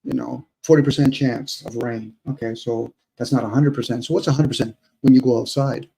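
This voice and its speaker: A man's voice: mid-range voice, fairly even intonation, brisk, gravelly, warm tone, a little hiss or hum, low-quality recording. A man on a live online panel, reflecting at length with everyday analogies and often addressing the host. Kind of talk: casual live-stream chat.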